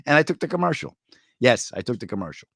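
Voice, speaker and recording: A New York comedian riffing casually through viewer comments, his pitch swinging widely as the jokes land. He tells stories with sudden high, excited bursts. The sound is dry and close, with no room around it. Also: quick pace, no echo. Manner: jokey, animated storyteller with sudden high bursts. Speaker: comedian hosting a live chat.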